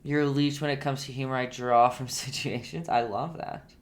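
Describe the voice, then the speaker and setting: A woman's voice: extremely low pitch, fairly even intonation, normal speed. A woman hosting a casual live-stream painting lesson, chatty and playful, laughing often and talking back to her viewers.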